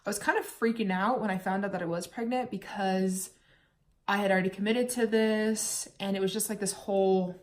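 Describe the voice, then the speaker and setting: A woman's voice: medium pitch, steady tone, fairly quick. A young woman from the United States telling her own story in a candid, chatty vlog, at times holding back tears. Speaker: vlogger.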